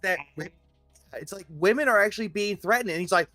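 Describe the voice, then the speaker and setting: A man's voice: high-pitched, expressive, fairly quick, bright, forceful tone, no echo, soft background music. A man in a casual online voice chat, criticizing someone in an exasperated tone. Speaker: voice chat participant. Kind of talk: casual discussion.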